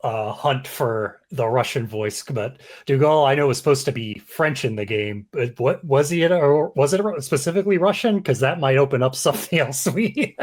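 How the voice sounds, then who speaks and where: A man co-hosts a casual podcast interview. He checks details carefully and stumbles now and then. His voice sits at an ordinary male pitch. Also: moderate pace, hardly any pauses. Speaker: podcast co-host, researcher.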